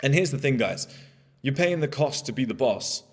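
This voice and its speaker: Blunt motivational speaker: man, 30s, mid-pitched, candid and profane, recorded in a reverberant room. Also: lively intonation, moderate pace, slightly rough. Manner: candid and blunt, swears freely. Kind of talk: motivational monologue.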